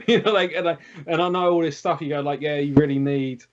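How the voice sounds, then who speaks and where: A man's voice: fairly high pitch, normal speed. A man, a guitarist guest, chatting casually on a podcast, self-mocking and geeky about gear. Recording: dull lo-fi recording.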